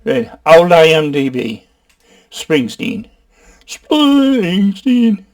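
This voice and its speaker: A Geordie man talks through a film in a loose, comic review style. He rambles, swears freely and jokes as he goes. His voice sits slightly higher than most men's. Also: lively intonation, normal speed, darkish tone. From North East England. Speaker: film reviewer, channel host.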